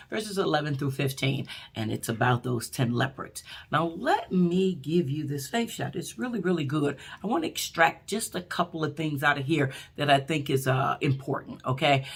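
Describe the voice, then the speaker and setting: A woman preacher giving a short, fervent sermon in a colloquial way, with many fillers and loud cries when she quotes prayers. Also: low voice, breathy edge. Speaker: apostle, preacher.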